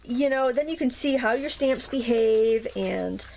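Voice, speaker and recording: A woman's voice: on the high side, unhurried, gravelly, a little mellow. A woman hosting a craft tutorial, chatting casually through each step and gushing over how cute the results are.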